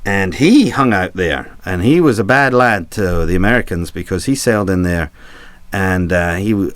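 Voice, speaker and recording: A man's voice: deep voice, no room sound. A man, a ship's captain, telling a rambling, comic history story full of asides and swearing. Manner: rambling, chuckling, swearing for laughs. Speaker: cruise ship captain telling stories.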